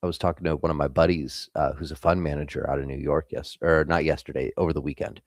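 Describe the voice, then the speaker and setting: A man's voice: a bass voice, steady tone, fast, no echo, clean studio sound. A young man hosting a live trading stream, giving blunt, casual market commentary and swearing freely.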